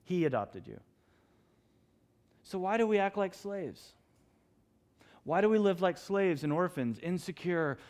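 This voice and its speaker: A middle-aged man preaching a sermon in a church, telling stories with animated, acted-out outbursts. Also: sits high, a little slow, pauses often. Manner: animated storytelling, acts out his own shouts. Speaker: pastor.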